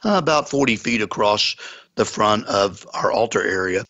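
A man's voice: lowish voice, lively intonation, normal speed, pushed and bright, dull audio. A man, a pastor, earnestly telling a story in a conversation, with folksy sayings. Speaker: pastor and guest.

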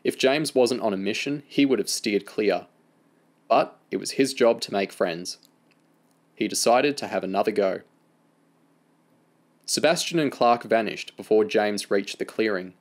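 A man reading a novel aloud, narrating in an even, measured storytelling manner. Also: on the low side. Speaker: audiobook reader. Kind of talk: scripted narration.

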